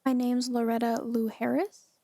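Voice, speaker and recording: A woman's voice: a little high, flat delivery, moderate pace, mellow, no echo, clean studio sound. A woman reading aloud as a thirty-eight-year-old Southern housewife, half-trying a country accent. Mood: guarded. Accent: American Southern, put on. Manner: reads game dialogue aloud, half-attempting a country drawl.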